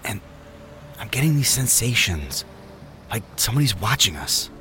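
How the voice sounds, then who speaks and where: A man plays a young film crewman, blunt and uneasy, with a lively, rising-and-falling voice. His talk is casual and plain-spoken. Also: on the low side, moderate pace, soft background music. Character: young male film crew member, uneasy. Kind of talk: audio drama narration.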